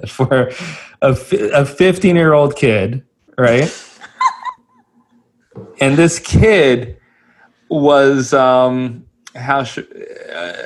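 A man co-hosting a casual podcast, telling a rambling, self-mocking story and chuckling as he goes. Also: mid-range voice. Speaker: podcast co-host.

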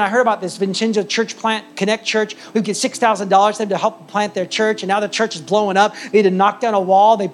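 A man preaching a sermon as the church's pastor, telling a story with animated, emphatic delivery. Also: high voice.

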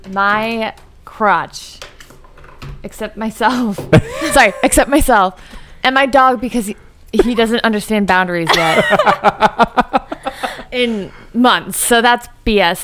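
A woman's voice: a little high, takes it slowly, long pauses, background noise. A woman co-hosting a podcast, joking crudely in casual banter. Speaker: podcast co-host. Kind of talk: casual chat.

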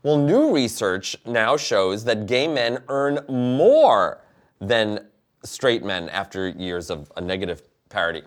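A man co-hosting a casual podcast, reading out talking points haltingly with lots of fillers. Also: on the low side, expressive. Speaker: podcast co-host. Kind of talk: casual chat, reading news items.

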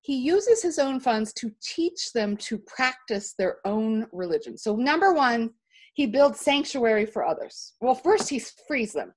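A woman's voice: a little high, unhurried. Emphatic woman telling a long story. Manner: animated, emphatic storytelling with restarts. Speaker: interview guest. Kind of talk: storytelling in conversation.

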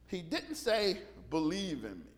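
A man's voice: high voice, huge pitch swings, measured pace. A man preaching a sermon, retelling Bible stories in casual slang and acting out the people in them. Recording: long reverb from a hall.

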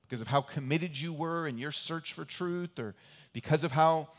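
A man preaching a sermon as pastor, earnest and repetitive for emphasis, swinging between loud emphatic lines and quiet asides. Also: fairly high pitch, normal speed. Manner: earnest, repeats key phrases for emphasis. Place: church.

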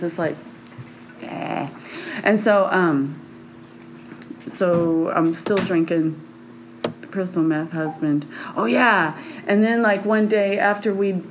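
A woman's voice: mid-range voice, a little hiss or hum, rough recording. A woman telling a personal story in a frank, meandering way with frequent laughter.

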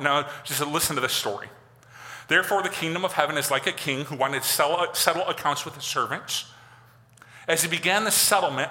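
Man preaching in an echoing hall. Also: fairly high pitch. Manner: conversational, animated, acts out quotes. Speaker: pastor. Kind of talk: sermon. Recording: long hall reverb.

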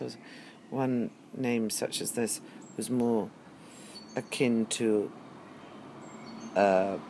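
A middle-aged man musing aloud in a slow, hesitant monologue with many pauses and ums. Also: on the low side, a little mellow, slight background noise. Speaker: teacher. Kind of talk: reflective spoken monologue.

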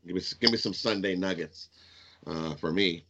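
Co-hosting a casual sports betting show from home over a video call, a man relaxedly gives his picks, hesitating with lots of "uh"s. His voice sits low and creaky at a normal speed, with background noise behind it.

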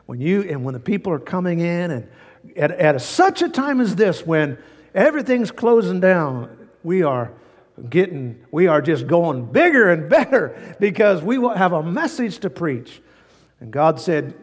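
A man's voice: fairly high pitch, very animated, moderate pace, breathy edge, in a large hall. A male pastor preaching a sermon in a folksy, fervent way, repeating key phrases for emphasis.

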